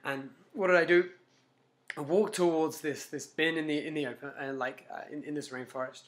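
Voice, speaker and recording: A man with a fairly high voice and a moderate pace delivers a laid-back motivational talk to camera as a self-help vlogger. His storytelling is animated, with many restarts and dramatized inner voices.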